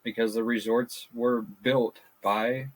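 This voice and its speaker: A man's voice: medium pitch, steady tone, takes it slowly. A man co-hosting a casual podcast, talking bluntly and ranting, swearing freely. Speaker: podcast co-host. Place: backyard. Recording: poor audio.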